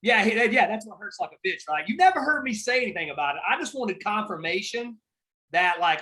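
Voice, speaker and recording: A man's voice: high-pitched, expressive, moderate pace, bright, forceful tone, rough recording. A man hosting a casual podcast chat, telling stories in a rambling, emphatic and heavily profane way. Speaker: podcast host.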